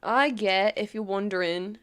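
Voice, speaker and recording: Slow, rambling young woman vlogger. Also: medium pitch, clean tone. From New York. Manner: rambling, full of "like", laughs often. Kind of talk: casual storytime chat.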